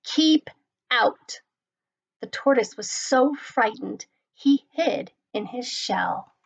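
A woman, a school librarian, reading a picture book aloud in a slow, clear storytelling manner. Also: on the high side. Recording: dull lo-fi recording.

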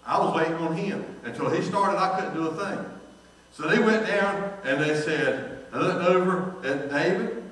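A man, a pastor preaching a sermon and telling folksy stories, quoting the people in them with lively voices. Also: on the high side. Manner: folksy storytelling, animated quoting of others. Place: church sanctuary. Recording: distant echoey church recording.

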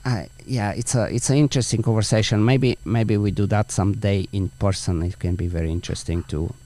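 Man, podcast host, gravelly voice, dark tone, earnest, explains through analogies. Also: fairly low pitch, fairly even intonation, a little fast. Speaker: podcast host, dog trainer. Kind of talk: conversational interview.

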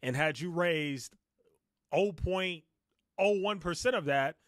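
A man's voice: a little high, slow pace, a bit bright, no echo, studio quality. A man giving blunt, mocking reaction commentary on a live stream. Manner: blunt, mocking, quotes others in a sneering tone.

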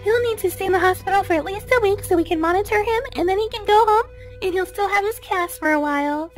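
A woman voicing a calm female hospital doctor, measured and reassuring, in a toy play video. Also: extremely high pitch, faint music behind.

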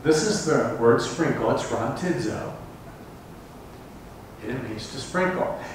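A male pastor delivers a sermon in a middle-pitched voice, his reading of scripture swelling into dramatic rises. He is picked up from a distance, so his words bounce around a very echoey church sanctuary. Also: animated, normal speed, noisy background. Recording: echoey church hall from far off.

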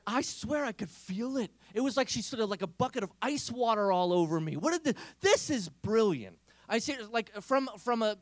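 A man giving a comic storytelling talk at a Catholic youth event, animated and acting out the characters' voices. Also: very high voice, normal speed, hardly any pauses, dry recording.

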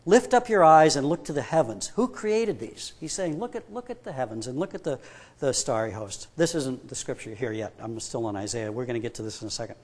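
A man's voice: mid-range voice, lively intonation, a little fast, darkish tone. A man preaching a sermon, stressing his points with rhetorical questions and retelling a story by acting out both people in it. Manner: emphatic, builds up with rhetorical questions. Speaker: pastor.

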